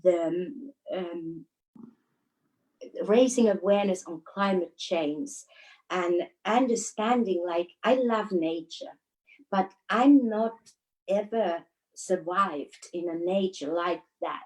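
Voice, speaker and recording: A woman from Finland with a Finnish accent, chatting as a guest in an interview and telling stories with frequent laughs and pauses. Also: on the low side, a little mellow, low-quality recording. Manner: storytelling with frequent laughs and hesitations. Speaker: guest, dancer. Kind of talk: casual interview chat.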